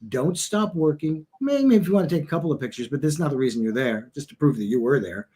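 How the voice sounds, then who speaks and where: Man, New York accent, husky voice, lively pitch, jokey storyteller. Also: fast. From Westchester, New York. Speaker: guest, acting coach. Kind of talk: interview guest.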